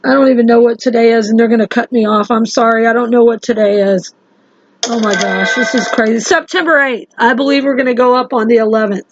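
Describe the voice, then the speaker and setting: Woman vlogger, rambling and urgent, higher voice, dry lo-fi phone sound. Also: fairly even intonation, a little fast, background noise. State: sleep-deprived. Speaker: religious vlogger. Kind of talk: casual monologue to camera.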